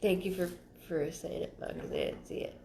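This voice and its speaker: A woman giving a live psychic reading, thinking aloud in halting, repeated phrases and sounding stuffed up. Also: fairly low pitch, wildly swooping pitch, vocal fry, background noise. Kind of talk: livestream reading. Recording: roomy echo.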